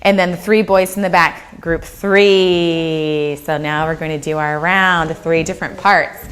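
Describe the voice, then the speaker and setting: A woman's voice: sits low, steady tone, unhurried, a bit bright, slight background noise. A woman teaching a children's church class, upbeat and encouraging, often checking in with the kids and leading them in sung scripture.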